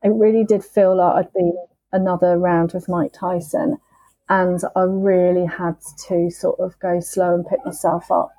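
A woman on a podcast, telling her sobriety story in a candid, emotional, halting way. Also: mid-range voice, warm tone, breathy edge, no echo, low-quality recording. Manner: emotional, halting, with frequent restarts and swearing.

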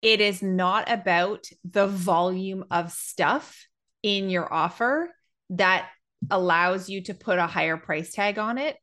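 A woman talking on a podcast as a business coach. She speaks slowly and deliberately, and she explains with thoughtful pauses in a middle-pitched voice. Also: a bit bright. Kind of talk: casual podcast conversation.

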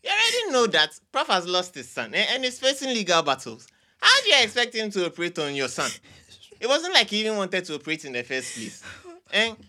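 A performer plays a cheeky Ghanaian houseboy whose bright voice leaps all over as he teases. He slips easily into pidgin. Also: sits high, huge pitch swings, a little fast, exaggerated voice. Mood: reassuring. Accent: Ghanaian English. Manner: playful, teasing, pidgin-laced. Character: joking young houseboy, Richie.

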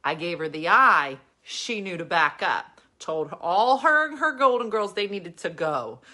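A woman's voice: fairly low pitch, expressive, unhurried, bright, forceful tone, voice pushed down, full character voice. A woman voicing a tough, protective older woman working as a security guard, who talks in a firm, matter-of-fact way. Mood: reassuring.

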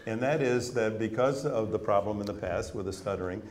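A man's voice: lowish voice, brisk, a little mellow. A man sharing anecdotes and advice in conversation, sometimes repeating words as he starts a thought. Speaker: author and guest. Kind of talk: storytelling in conversation. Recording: roomy echo.

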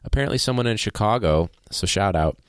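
A man with a fairly low voice co-hosts a casual podcast from a small home studio after a few drinks, speaking fast with lively intonation. He rambles, jokes and laughs often into a podcast mic, and the recording is dry.

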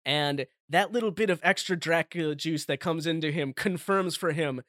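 A man's voice: a little high, moderate pace, hardly any pauses, fairly bright tone, no room sound, studio quality. A man hosting a podcast, retelling a story in a playful, giggly way. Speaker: podcast host. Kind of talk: casual chat.

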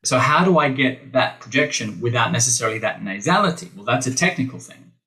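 A man's voice: medium pitch, animated, a little fast, bright, forceful tone, low-quality recording. A middle-aged Australian man, a voice teacher, talking animatedly in a podcast interview, with playful asides to the listeners. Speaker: guest, voice teacher.

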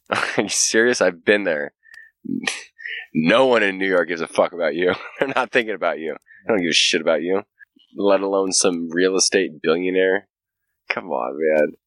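Deep-voiced man ranting profanely. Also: normal speed, a bit bright, no echo. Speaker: podcast host. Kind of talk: casual chat.

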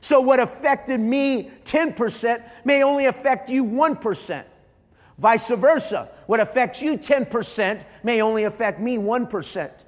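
High-voiced pastor preaching in a reverberant hall. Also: male voice. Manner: emotional, halting with many repeated starts. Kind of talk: sermon. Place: large church hall.

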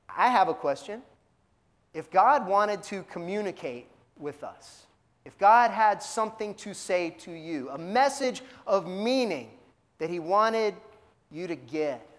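A male pastor preaching a sermon in a conversational way, asking many questions and often repeating words. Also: sits high. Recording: long reverb of a large hall.

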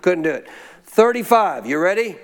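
High-pitched guy teaching bible study, folksy, keeps asking the crowd to answer out loud. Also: big pitch swings, normal speed. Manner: call-and-response, prompts listeners to answer aloud; informal, folksy phrasing.

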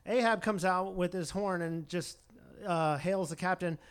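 A man's voice: sits high, unhurried, smooth. A man chatting casually, telling a story in a digressive, joking way and acting out the quotes. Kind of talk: casual chat.

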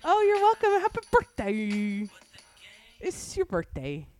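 A woman co-hosting a casual podcast chat, hoarse from a cold, teasing and joking with friends. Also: mid-range voice, huge pitch swings, a little mellow, faint music behind. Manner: playful, teasing, quick jokes. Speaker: podcast co-host.

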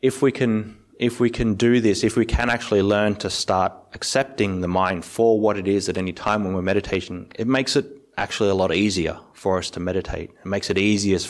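A male Buddhist monk giving a calm, explanatory meditation talk with everyday analogies. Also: sits low.

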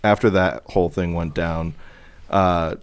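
A man's voice: sits low, steady tone, a little slow. A man on a podcast telling loose, rambling stories in casual chat, often laughing as he goes. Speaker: podcast co-host.

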